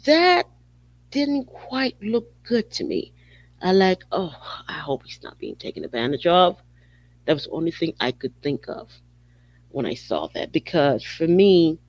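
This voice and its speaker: A man with a slightly higher voice hosts a podcast in a casual, rambling monologue. He speaks straight to the person he is discussing and fills his talk with plenty of "you know" and "um". The recording is dry and slightly dull. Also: darkish tone, dry recording. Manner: conversational, talks straight to the subject, many fillers. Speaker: podcast host.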